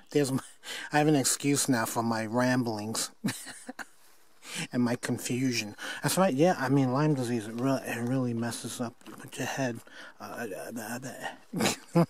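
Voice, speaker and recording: A man's voice: mid-range voice, measured pace, pauses often. An older man filming himself on a forest trail, rambling and chuckling at himself in a casual hiking vlog. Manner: rambling, self-mocking, chuckling. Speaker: hiker filming his hike. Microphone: handheld camera mic.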